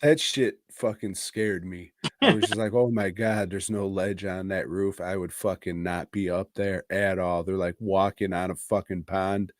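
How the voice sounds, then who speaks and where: A man co-hosting a podcast, casually rambling through a movie plot with crude jokes, laughter and quick impressions of the characters. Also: sits low, fairly even intonation, no room sound, studio quality. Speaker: podcast co-host. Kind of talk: casual movie review chat.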